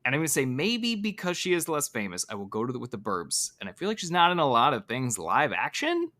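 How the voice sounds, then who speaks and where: A man's voice: mid-range voice, huge pitch swings, quick pace, bright, forceful tone. A man playing in a trivia podcast, joking casually with the host. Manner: playful, joking. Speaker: podcast player. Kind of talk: casual game-show chat.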